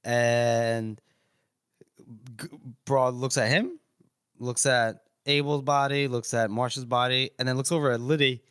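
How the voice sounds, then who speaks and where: A man's voice: medium pitch, steady tone, measured pace, fairly bright tone, clean tone, no echo, clean studio sound. A man casually retelling a story on a podcast in a loose, rambling way, with crude swearing. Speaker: podcast co-host recapping chapters.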